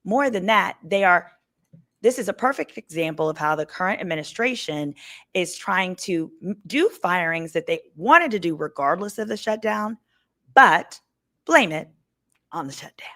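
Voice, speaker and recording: A woman's voice: lowish voice, animated, normal speed, sharp tone. Chatty lady lawyer hosting a livestream. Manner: chatty, addresses viewers as y'all. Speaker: attorney and show host. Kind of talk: casual legal commentary livestream. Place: hotel room.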